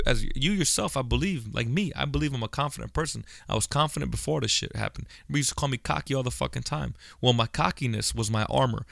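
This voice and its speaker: Gravelly, profane man talking bluntly. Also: mid-range voice, fairly bright tone, no echo, studio quality. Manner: blunt, profane and rambling, with many restarts. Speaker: podcast host. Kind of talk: casual monologue.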